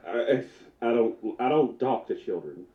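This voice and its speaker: Laughing tabletop player, man, slow and unhurried, roomy muffled recording. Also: mid-range voice. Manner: laughs often, halting and easygoing. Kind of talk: casual tabletop role-play. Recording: echoey, muffled.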